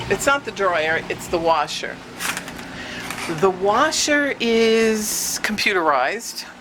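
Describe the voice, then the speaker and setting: A woman vlogger telling a chatty story to the camera about her day, sometimes laughing, a little out of breath. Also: noisy background. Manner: animated, scolding her cat in high bursts, laughing between lines.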